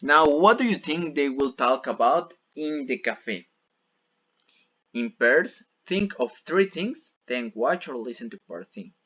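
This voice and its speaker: Slow, patient male English teacher. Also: a little high, expressive, a bit bright, husky, lo-fi sound. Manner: repeats and rephrases each example patiently. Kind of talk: bilingual classroom explanation.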